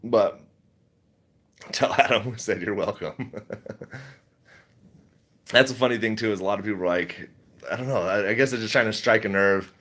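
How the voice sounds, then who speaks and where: A man's voice: lowish voice, normal speed, long pauses, a bit bright. A middle-aged man chatting casually on a livestream, reading chat, rambling and laughing often.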